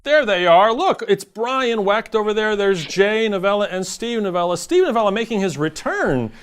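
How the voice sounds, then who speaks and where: A man's voice: sits high, sing-song, normal speed, clean tone. A man hosting a quiz show over a video call, cracking puns and bantering with contestants. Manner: jokey, punning banter with contestants.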